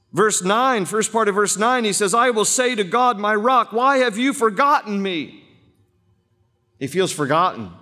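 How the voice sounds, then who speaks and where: A man's voice: sits high, fairly bright tone. A man, a pastor, preaching a sermon to a church congregation, emphatic and repeating phrases for weight. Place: church sanctuary. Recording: long reverb of a church hall.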